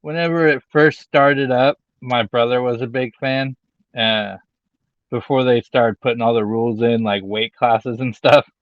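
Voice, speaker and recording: A man co-hosting a wrestling podcast in casual chat, rambling with lots of fillers and getting animated when he retells things. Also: mid-range voice, unhurried, no room sound, lo-fi sound. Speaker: podcast co-host.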